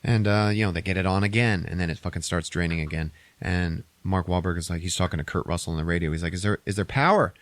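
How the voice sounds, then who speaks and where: A man talks through a movie plot on a podcast, casual and full of swearing. His voice sits low. The sound is dry and close, with no room around it. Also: fast, few pauses, no echo. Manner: profane, animated retelling with put-on quotes. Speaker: podcast host.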